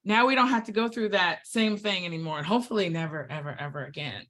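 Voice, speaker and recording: Warm, chatty woman presenter. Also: on the low side, fast talker. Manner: heartfelt, chatty, many fillers. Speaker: staff town hall presenter. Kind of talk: virtual staff town hall remarks. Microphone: video call.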